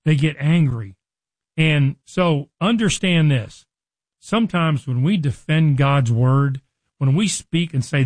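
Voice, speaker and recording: Guy doing radio bible teaching, kinda high voice, earnest and chatty, dry close mic. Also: no echo. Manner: earnest, conversational, acts out voices in quotes.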